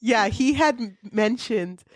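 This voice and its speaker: A woman co-hosting a podcast, chatting playfully about a book with laughs and quick asides. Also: fairly high pitch, animated, no echo, clean studio sound. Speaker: podcast co-host. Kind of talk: casual book chat.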